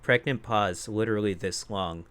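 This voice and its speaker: A man's voice: on the low side, moderate pace, a bit bright, clear, resonant tone. A man co-hosting a podcast, telling a profane, laughing story about a rude customer in casual chat. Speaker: podcast co-host.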